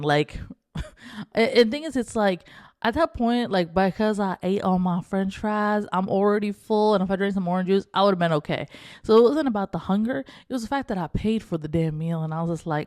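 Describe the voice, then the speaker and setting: Young woman podcast co-host, casual storyteller, animated delivery, mid pitch, dry room. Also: normal speed, no echo. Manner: animated, acts out quoted dialogue.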